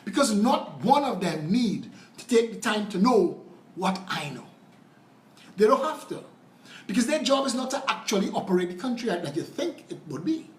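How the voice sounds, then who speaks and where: A man's voice: high voice, big pitch swings, moderate pace, roomy sound. A man with a Trinidadian accent hosting a live political show, ranting in a combative, profane and mocking way, telling stories to make his point.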